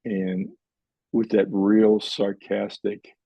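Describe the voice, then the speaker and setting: A man's voice: on the low side, level tone, very slow, gravelly, dark tone, husky, dry recording, low-quality recording. An older man, a professor guest on a podcast, telling a long story and acting out the dialogue in it.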